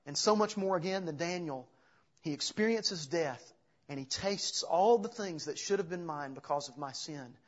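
A man with a slightly high, husky voice preaches an earnest sermon, working through scripture passage by passage. The recording sounds a little dull and lo-fi. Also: normal speed. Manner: earnest expository preaching, reading scripture aloud. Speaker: pastor.

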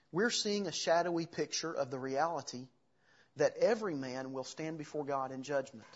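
A man with a slightly high, husky voice preaches an earnest sermon, working through scripture passage by passage. The recording sounds a little dull and lo-fi. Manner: earnest expository preaching, reading scripture aloud. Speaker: pastor.

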